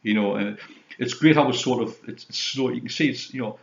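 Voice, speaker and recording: A man's voice: mid-range voice, brisk, creaky. A man in his fifties from Britain, hosting a casual chat about film releases and filling his talk with "you know". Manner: rambling, leans on "you know", retells scenes. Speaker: host, film collector. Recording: roomy dull lo-fi sound.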